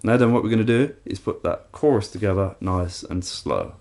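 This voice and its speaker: A man's voice: fairly low pitch, normal speed. A man teaching a guitar lesson, explaining each step and counting strums aloud. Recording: loud guitar playing behind.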